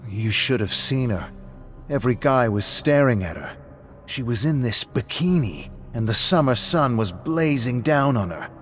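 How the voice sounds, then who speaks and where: A man voicing a brash, defensive drunk man who turns loud and clipped when pushed. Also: medium pitch, lively intonation, measured pace, faint music behind, pitched above the performer's own voice, natural voice. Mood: boastful. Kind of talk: audiobook-style story reading.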